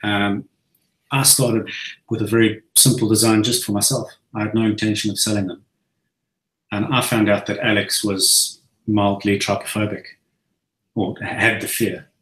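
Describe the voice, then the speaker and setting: A man with a South African accent, telling a relaxed story as a guest on a chat show. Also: lowish voice, moderate pace, echoey room, rough recording. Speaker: guest modder. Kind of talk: casual chat.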